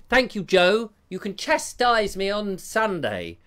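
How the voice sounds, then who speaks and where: A man's voice: high-pitched, sing-song, slow, few pauses, a bit bright, smooth. A man hosting a live stream, reading out viewer comments in a jokey, rambling, self-mocking way. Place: home room with a fire.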